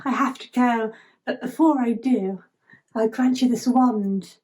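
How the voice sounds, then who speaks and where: A woman playing a gentle magical star boy. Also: fairly high pitch, fairly even intonation, a little slow, close to an everyday voice. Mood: solemn.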